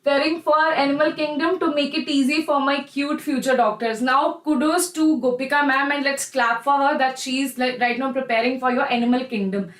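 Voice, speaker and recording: High-pitched indian english lady teaching online class, chatty, echoey room. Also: fairly even intonation, moderate pace, hardly any pauses, a bit bright. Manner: chatty and encouraging, addresses students as "bacha".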